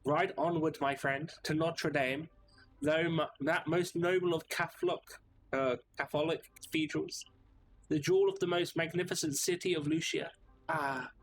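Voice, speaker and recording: A man's voice: a little high, fairly even intonation, normal speed, a little hiss or hum, voice pushed up, close to an everyday voice. A man playing a pompous armored knight. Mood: grandiose. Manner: grandiose, speaks in mock old-fashioned words. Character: pompous armored male knight, archaic speech.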